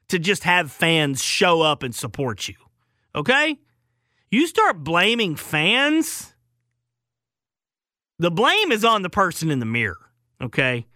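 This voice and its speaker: A man's voice: fairly high pitch, wildly swooping pitch, unhurried, sharp tone, dry recording. A male sports radio host giving opinionated, emphatic call-in talk into a studio microphone.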